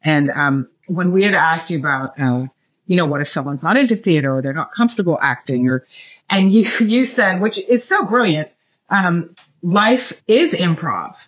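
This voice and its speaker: Brief: co-host, mid-pitched voice, enthusiastic and affirming. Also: expressive, normal speed, fairly bright tone. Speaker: podcast co-host. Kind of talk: conversational podcast interview.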